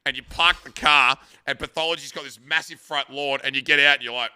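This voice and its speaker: A man's voice: medium pitch, steady tone, brisk, pushed and bright, clear, resonant tone, no echo, studio quality. An Australian man in his thirties, chatting casually with stream viewers and rambling through crude stories, swearing freely. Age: 30s. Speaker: live streamer.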